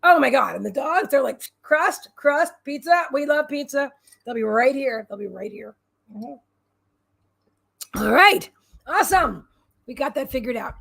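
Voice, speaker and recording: High, gravelly-voiced woman chatting. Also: lively intonation, measured pace, long pauses, fairly bright tone. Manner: rambling and bubbly, answers chat comments aloud. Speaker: livestream host and psychic reader. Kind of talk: casual livestream chat with viewers.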